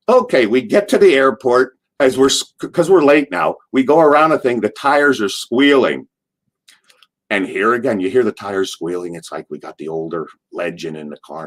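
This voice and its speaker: An older man and former wrestler, a guest in an interview, spinning long anecdotes with lively restarts and repeated words. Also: lowish voice, normal speed. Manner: animated retelling with frequent restarts and repeated words. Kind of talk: anecdotal storytelling.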